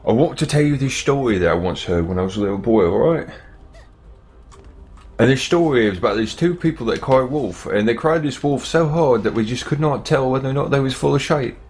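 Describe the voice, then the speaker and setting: A man's voice: medium pitch, animated, a little fast, a little mellow, voice pushed up, close to an everyday voice. A man doing an impression of a famous actor as a mock-solemn storyteller with a put-on Cockney accent.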